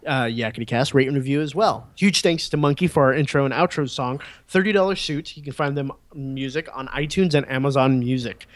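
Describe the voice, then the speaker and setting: A man's voice: medium pitch, a little fast, few pauses, dry recording. A man hosting a casual podcast, joking and rambling with friends. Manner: joking, rambling, laughs often. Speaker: podcast host.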